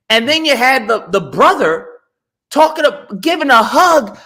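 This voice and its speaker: Man guest, high lively voice, animated storyteller, acts out quotes. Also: measured pace. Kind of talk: casual podcast chat.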